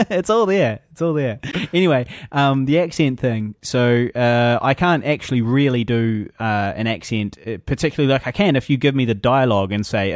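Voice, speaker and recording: A man's voice: medium pitch, normal speed, dry recording. A New man co-hosting a podcast, joking and rambling with plenty of swearing. His voice sits mid-range and sounds close and dry. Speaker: podcast co-host and actor. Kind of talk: casual chat.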